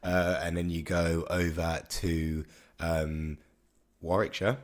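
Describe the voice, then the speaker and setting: Deep-voiced Brummie man rambling. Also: little pitch movement, slow pace. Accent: Birmingham. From Birmingham, England. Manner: rambling, stumbles and restarts often. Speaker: podcast co-host. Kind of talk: casual chat.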